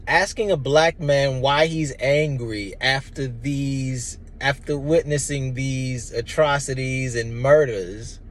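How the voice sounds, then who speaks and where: A man's voice: mid-range voice, fairly even intonation, takes it slowly, hardly any pauses. A man in his thirties giving an impassioned, blunt personal monologue, emphatic and profane. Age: 30s. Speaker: vlogger.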